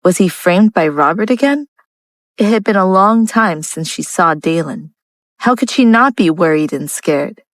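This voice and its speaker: A woman narrating a romance audiobook in a steady, even reading style. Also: on the low side, normal speed, dry recording, low-quality recording. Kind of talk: scripted narration.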